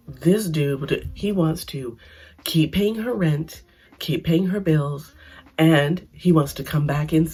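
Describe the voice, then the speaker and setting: A woman giving a casual, opinionated recap of a reality show, animated, blunt and sarcastic. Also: low-pitched, husky. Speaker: reality TV commentator.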